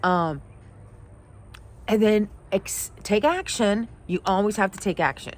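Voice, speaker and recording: This middle-aged woman, a life coach, recounts something from her own life slowly and with feeling, her voice medium in pitch. Heartfelt throughout, she grows teary now and then.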